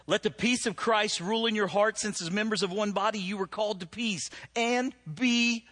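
A middle-aged man preaching a live sermon in a conversational, joking way, his voice climbing high when he stresses scripture. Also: fairly even intonation, normal speed, a bit bright. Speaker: pastor.

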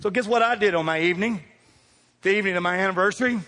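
A pastor rattles off a comic sermon story at rapid-fire speed, his voice high for a man. He plays to the congregation, jumping between hushed asides and loud outbursts, all echoing with long reverb through a large sanctuary.

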